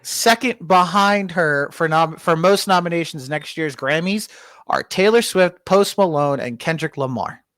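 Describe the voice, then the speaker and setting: A man hosting a casual podcast, teasing his co-host with deadpan news. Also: fairly high pitch, measured pace, no room sound. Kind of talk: casual comedic chat.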